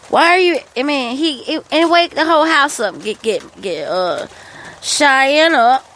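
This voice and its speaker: A woman, hosting a podcast and telling a rambling, animated story about her household, swearing freely. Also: high-pitched, measured pace, slight background noise. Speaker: podcast host. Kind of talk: casual storytelling monologue.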